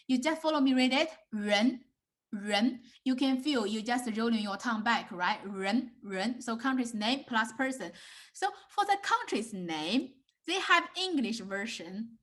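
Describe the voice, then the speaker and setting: A woman's voice: fairly high pitch, a bit bright. A young woman with a Chinese accent, a native Mandarin speaker teaching a beginner lesson, patiently repeating words and checking with "right?".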